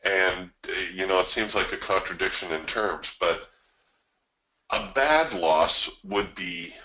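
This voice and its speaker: A trading coach hosts a live webinar, talking through his approach conversationally and telling stories to listeners. His voice is deep, slow, pushed and bright, and the recording quality is low.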